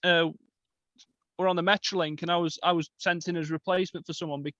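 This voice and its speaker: A man's voice: a little high, level tone, fast talker, a bit bright, no echo, muffled recording. Blunt emphatic man. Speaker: podcast guest. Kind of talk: casual group chat.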